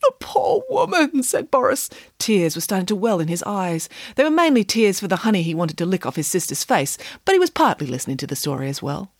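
A woman's voice: lowish voice, very animated, fast, few pauses, no echo, clean studio sound. A woman narrating a children's story in a playful, dramatic way. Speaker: audiobook narrator. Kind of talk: expressive scripted narration.

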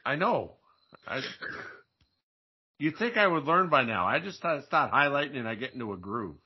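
A man's voice: medium pitch, sing-song, a little slow, pauses often, husky. A man co-hosting a movie podcast, reading horror news aloud in a casual joking way and tripping over words. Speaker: podcast co-host. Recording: dull lo-fi sound.

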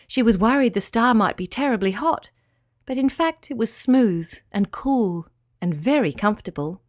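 Female storyteller, gentle bedtime reading, dry and close. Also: fairly high pitch, normal speed, no room sound. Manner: soft, gentle and expressive. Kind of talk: children's bedtime story narration.

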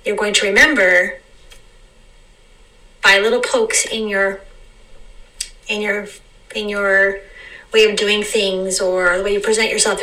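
A woman talking unscripted in a meandering, reflective monologue, repeating phrases and slowing down to stress words. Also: mid-range voice, bright, forceful tone, far from the mic, low-quality recording. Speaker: vlogger.

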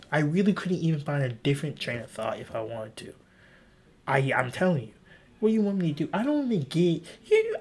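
A young man hosting a casual solo podcast, rambling through stories with swearing and voicing his past self in sudden high pitches. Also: a little mellow, husky. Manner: rambling, swearing, voice jumps high when acting out his own past lines. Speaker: podcast host.

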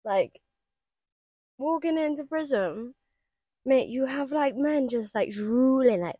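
A bubbly woman guesting on a casual podcast, laughing often and swearing freely. Her voice sits fairly high. The sound is dry and close, with no room around it. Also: expressive, slow pace, warm tone, no room sound. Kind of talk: casual chat. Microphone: podcast mic.

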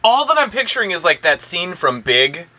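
Bright, sharp-voiced man joking as a guest. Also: high-pitched, very animated, moderate pace. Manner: laughing, joking reactions. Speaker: guest, comic book shop owner. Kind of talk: casual podcast banter.

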